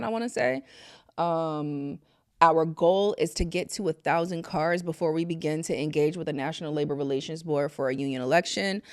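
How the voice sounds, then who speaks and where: Earnest woman, low and dry. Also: no echo. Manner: earnest, emphatic, repeats phrases for emphasis. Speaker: host. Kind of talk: casual direct-to-camera talk.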